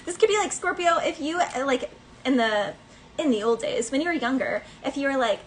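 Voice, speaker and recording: A woman's voice: high-pitched, expressive, brisk, a little hiss or hum, low-quality recording. A woman giving a casual collective tarot reading, chatty and rambling, with many fillers and snatches of song. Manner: breaks into bits of song. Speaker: tarot reader.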